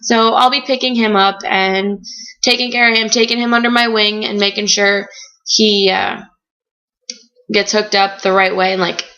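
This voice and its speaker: Young woman vlogger, chatty storyteller, bright tone, dull lo-fi recording. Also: mid-range voice, moderate pace. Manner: chatty, animated storytelling with frequent "like". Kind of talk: casual chat.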